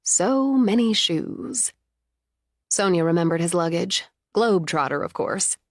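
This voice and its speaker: A woman narrating an audiobook in measured, even storytelling. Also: fairly low pitch, no echo, clean studio sound. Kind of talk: scripted narration.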